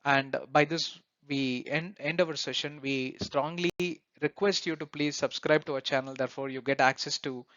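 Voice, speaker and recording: A man's voice: fairly high pitch, fairly even intonation, moderate pace, few pauses, a bit bright, dry recording, muffled recording. A man hosting a self-help channel, giving an earnest motivational talk, repeating points and often checking in with "right?", with many fillers and restarts. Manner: earnest, repetitive, asks listeners "right?"; many fillers and restarts, non-native phrasing.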